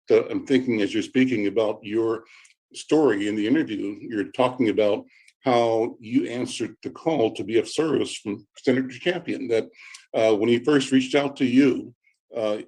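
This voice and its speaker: A man speaking on a video call, praising a colleague in slow, deliberate phrases broken up by frequent "uh" pauses. His voice sits at a medium pitch. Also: a little mellow, slightly rough. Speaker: interviewer and community speaker. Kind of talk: tribute speech on a video call.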